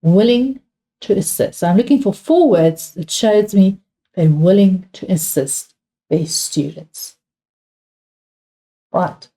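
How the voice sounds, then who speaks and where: A woman's voice: medium pitch, slow pace, long pauses, warm tone. A woman with a South African accent teaching an English exam revision lesson, patient and repeating key points while asking her students questions.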